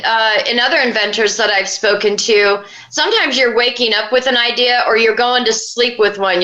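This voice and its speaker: A woman's voice: on the high side, pushed and bright, roomy sound, low-quality recording. A woman inventor as a guest, chatting casually and rambling with many fillers. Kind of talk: casual interview talk.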